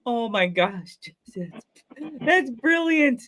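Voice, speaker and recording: A man's voice: very high voice, sing-song, takes it slowly, a bit bright, a little hiss or hum, poor audio. A man hosting a podcast, asking questions in an enthusiastic, playful way. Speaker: podcast host. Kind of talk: casual interview.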